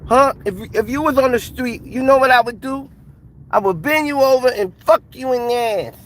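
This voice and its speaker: A man putting on a shrill, high, threatening voice as an enraged, boastful boxer. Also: normal speed, fairly bright tone, slight background noise. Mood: menacing, indignant. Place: inside a car.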